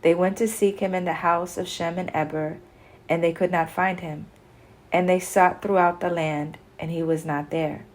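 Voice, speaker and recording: A woman reading an old religious text aloud in a steady, earnest way, slowing down for quoted speech. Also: fairly low pitch, low-quality recording. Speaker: scripture reader. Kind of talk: scripture reading.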